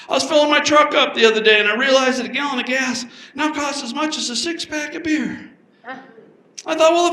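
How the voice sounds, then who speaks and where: A man performs stand-up comedy with a high, bright voice and punchy storytelling. He switches voices quickly for the characters in his stories. The sound bounces around an echoey live room.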